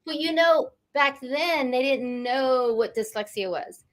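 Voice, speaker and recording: Talk show guest, woman, late 50s, higher voice, animated and heartfelt storyteller. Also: measured pace. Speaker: guest, energy coach. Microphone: studio or video call mic.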